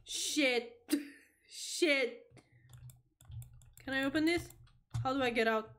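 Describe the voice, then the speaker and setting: A young woman streaming a horror game, reacting out loud, swearing and talking to the game as she plays. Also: high-pitched, slow pace. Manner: jumpy, swearing, talks to the game. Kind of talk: live gameplay reaction.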